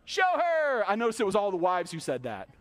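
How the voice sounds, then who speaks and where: A male pastor preaching a sermon in a church, emphatic, with rhetorical questions and quick acted-out asides. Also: sits high, wildly swooping pitch, a bit bright. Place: church hall. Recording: long hall reverb.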